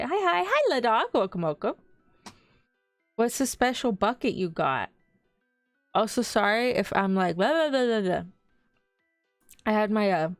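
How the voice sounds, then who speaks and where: A woman's voice: mid-range voice, no echo. A woman in her twenties streaming, chatting casually with viewers and telling stories in a bubbly way. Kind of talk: casual livestream chat.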